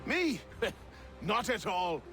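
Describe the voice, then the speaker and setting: Boisterous, high-pitched colonial brawler. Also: male voice, sing-song, slow pace, vocal fry, heavily acted. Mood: jovial. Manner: boisterous, laughs off trouble. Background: game music.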